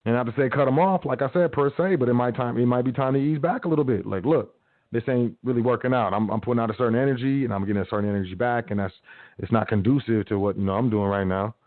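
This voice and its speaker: On his radio show, a man offers casual motivational talk like a slangy big brother, acting out little quotes as he goes. His mid-range voice moves at a quick pace with no room sound, though the audio comes through tinny, like a phone.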